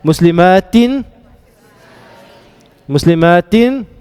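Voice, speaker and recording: A man teaching an Arabic grammar class, quizzing his students with quick drills and joking asides. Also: sits high, lively intonation, darkish tone, smooth, long reverb tail.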